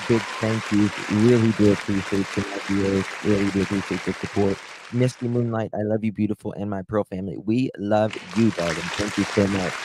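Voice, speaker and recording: A man's voice: on the low side, background noise. A man hosting a live stream, giving casual, gossipy commentary that breaks into laughter and swearing.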